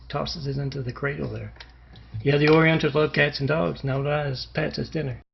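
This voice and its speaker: A man's voice: fairly high pitch, steady tone, normal speed, vocal fry. A man telling absurd comic stories in a rambling way, full of fillers and asides. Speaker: storyteller. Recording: muffled with faint hiss.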